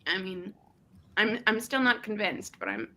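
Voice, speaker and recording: A woman's voice: medium pitch, sing-song, a little slow, sharp tone. A woman guest on a podcast who shares her opinion hesitantly, often restarting her sentences. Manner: hesitant, self-correcting. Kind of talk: casual discussion.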